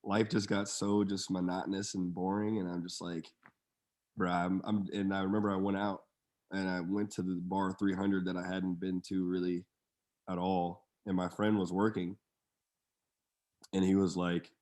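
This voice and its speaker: A young man with a very low voice talks in a laid-back, slangy way. His delivery stays flat and even, with little rise and fall. He is a guest on a casual podcast, telling his own story. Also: normal speed. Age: young adult. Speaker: guest, pro football player.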